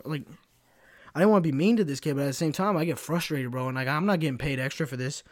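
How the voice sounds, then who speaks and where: A man's voice: on the high side, quick pace, no echo, clean studio sound. Profane, exasperated young man venting. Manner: profane, exasperated storytelling with lots of "bro" and "like". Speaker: podcast host. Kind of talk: casual venting monologue.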